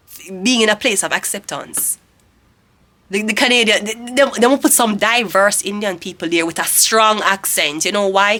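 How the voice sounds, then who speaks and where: Speaking with a sharp tone and medium pitch, a woman in her thirties with a Jamaican accent delivers a laid-back tarot reading. This tarot reader rants bluntly and swears freely.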